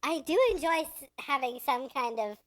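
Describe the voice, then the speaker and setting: A woman's voice: high voice, normal speed, fairly bright tone, dry recording, rough recording. A young woman co-hosting a podcast in casual chat, trying to tell a story, laughing often and getting exasperated at interruptions. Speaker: podcast co-host.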